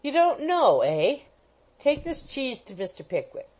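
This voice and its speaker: A woman voicing a hot-tempered old country gentleman who barks out orders in a raised voice. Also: high voice, very animated, unhurried, pitched above the performer's own voice, full character voice, rough recording. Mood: gruff. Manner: blustering, shouting orders.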